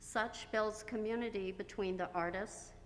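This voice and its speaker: An American woman speaking as a member from the floor, reading a prepared statement in slow, formal phrases. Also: fairly even intonation. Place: theater. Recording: reverberant theater, faint rumble.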